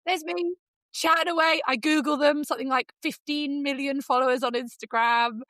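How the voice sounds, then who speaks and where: A woman with an English accent, co-hosting a podcast and telling a story in casual, lively chat, jumping into high voices for quotes. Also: moderate pace, no echo. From England. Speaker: podcast co-host.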